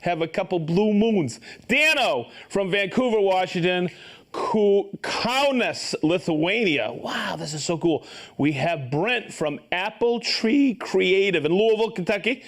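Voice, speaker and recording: A man's voice: high-pitched, expressive, unhurried. A man hosting a live stream, upbeat and joking as he reads out viewers' names and hometowns and stumbles over some of them. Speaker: host of a live tool show.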